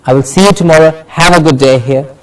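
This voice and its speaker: A man gives a classroom lesson on English pronunciation, and his voice sits a touch high for a man. He drills example words slowly and deliberately, one by one. He sounds set back from the microphone. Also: recorded from a distance, rough recording. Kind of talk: classroom lesson on word stress.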